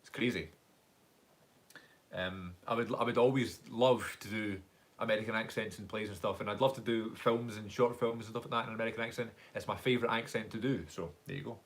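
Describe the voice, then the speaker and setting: A man's voice: lowish voice, fairly even intonation, a little fast. A young Scottish man hosting a casual live-stream Q&A from his phone, chatting at length and reading out viewer comments. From Scotland. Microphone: phone front camera.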